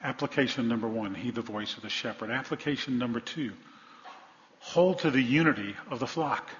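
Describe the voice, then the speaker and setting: A man with a mid-range voice preaches fairly quickly, putting rhetorical questions to his congregation and working up to emphatic points. The audio is dull, captured in a hall with long reverb.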